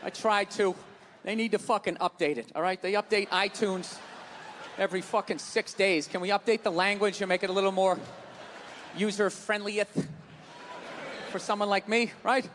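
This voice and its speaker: A man's voice: high-pitched, steady tone, moderate pace, pauses often, a bit bright. A man doing a profane, ranting stand-up comedy routine, mocking people with put-on voices. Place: comedy stage before a live audience. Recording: reverberant venue with crowd and noise.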